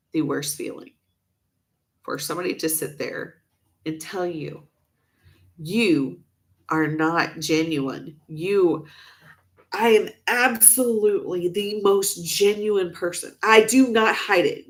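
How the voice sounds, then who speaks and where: A woman vlogging to camera, upset and venting emotionally, stressing her points by repeating herself. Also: fairly low pitch.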